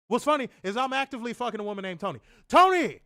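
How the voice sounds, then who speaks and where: A man co-hosting a casual streamed chat, telling stories in an animated, profane way with loud bursts. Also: sits high, no room sound, clean studio sound. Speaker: co-host of a wrestling review show.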